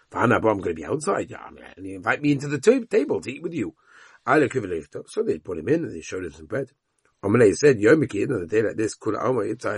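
Male Talmud teacher, low husky voice, quick delivery, reads Aramaic and retells the story in English. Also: no echo, clean studio sound. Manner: tells the story with voiced quotes of the characters.

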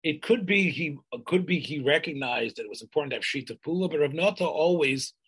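An older man telling a community history in an oral history interview, halting and restarting often, sprinkling in Yiddish and Hebrew terms. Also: on the high side, lively intonation, a bit bright, breathy edge, low-quality recording.

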